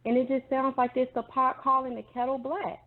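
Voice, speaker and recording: A woman talking earnestly in a casual online commentary chat, conversational and steady, now and then rising into animated asides. Her voice comes through a tinny, phone-like line. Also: sits high, normal speed.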